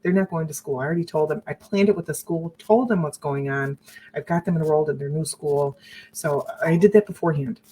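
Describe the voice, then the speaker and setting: A woman with a low, deep-set voice shares her own story on a broadcast. She speaks earnestly and candidly, often breaking off and restarting her sentences. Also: brisk, dark tone, a little hiss or hum, poor audio. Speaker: survivor sharing her story.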